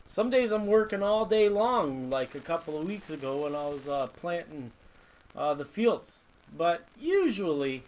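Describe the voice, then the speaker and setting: High-voiced guy rambling on a live stream from his workshop, reading out chat. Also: low-quality recording. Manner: rambling, chatty, reads viewer comments. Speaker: host of a live model-building stream. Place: home hobby workshop.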